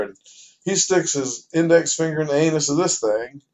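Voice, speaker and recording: A man's voice: a little high, normal speed, darkish tone, a little hiss or hum. A man casually telling a joke as a personal anecdote, folksy and rambling with fillers. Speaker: storyteller. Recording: dull lo-fi recording.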